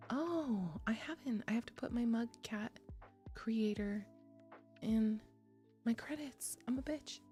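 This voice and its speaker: A woman's voice: a little high, slow, pauses often, darkish tone. A young woman streaming, chatting casually with her viewers, swearing freely, laughing often and reading chat aloud. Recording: faint music behind.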